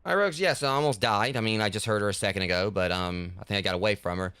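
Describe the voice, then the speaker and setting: A man's voice: fairly low pitch, very fast, fairly bright tone, smooth, no echo, clean studio sound. A man streaming a horror game and chatting loosely to his viewers, rambling with lots of fillers. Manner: rambling, heavy with fillers like "like" and "you know". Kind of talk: casual gaming livestream talk.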